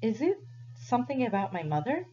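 A woman voicing a frightened, earnest peasant boy in a read-aloud story, with a husky, halting voice. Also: fairly high pitch, big pitch swings, warm tone, faint music behind, voice pushed up. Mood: pleading. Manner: anxious, halting. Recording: dull lo-fi recording.

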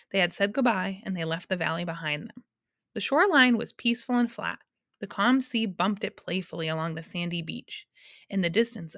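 A woman narrating a storybook aloud, expressive and lingering over words. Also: fairly low pitch, no room sound, studio quality. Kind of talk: audiobook narration.

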